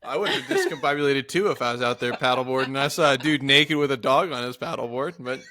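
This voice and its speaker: A man co-hosting a podcast who retells stories in a lively way, acting out other people's lines and laughing often. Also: mid-range voice, fast talker, a little hiss or hum. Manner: animated, laughing, acts out quotes. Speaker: podcast co-host. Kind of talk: casual chat.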